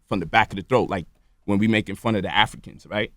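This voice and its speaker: Background noise sits behind this radio show guest, a man with a lowish voice who talks fast. Lecturing at length in the studio, he keeps asking "right?" and "you feel me?"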